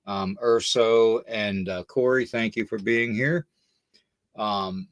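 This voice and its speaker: Older man, podcast host, low voice, tired, slightly out of breath, rambling chatty livestream talk, dry close sound. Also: slow pace, dry recording, lo-fi sound. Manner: rambling, chatty, greets viewers by name.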